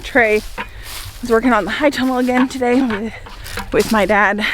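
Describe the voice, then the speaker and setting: Chatting to the camera in her flower garden, this young flower farmer and homesteader is upbeat, laughs often, and is slightly out of breath. Her voice is on the high side with a steady tone and moderate pace, over some background noise.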